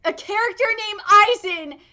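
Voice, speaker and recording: A young woman, a manga reaction vlogger, talking excitedly and swearing as she reacts, breaking into shrieks. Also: very high-pitched, unhurried, highs cut off. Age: young adult. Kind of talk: live reaction vlog.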